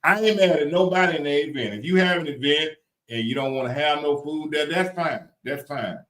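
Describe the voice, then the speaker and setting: A man's voice: on the high side, fast talker, a bit bright, roomy sound. A man with a Louisiana country accent in casual chat, playful and emphatic, repeating his points.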